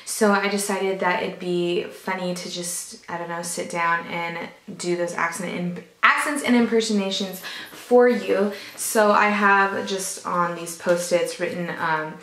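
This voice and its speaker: A woman's voice: lowish voice, fairly bright tone. A young adult woman vlogging to camera in a casual, chatty, giggly and self-deprecating way. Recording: roomy, with music behind.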